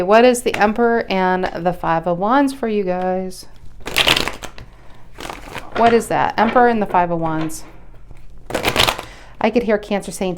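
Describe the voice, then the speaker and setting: A woman's voice: medium pitch, darkish tone, clear, resonant tone. A woman doing a casual tarot reading to camera, talking bluntly and chattily, swearing now and then and often restarting her sentences. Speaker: tarot reader.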